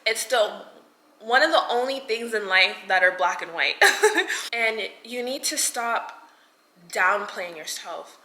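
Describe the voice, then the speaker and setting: Young woman vlogging, bright voice, earnest chatty pep talk, lots of "like", echoey room. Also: mid-range voice. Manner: earnest and chatty, many "like" fillers, laughs between points. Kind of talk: casual motivational talk to camera. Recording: echoey room with faint noise.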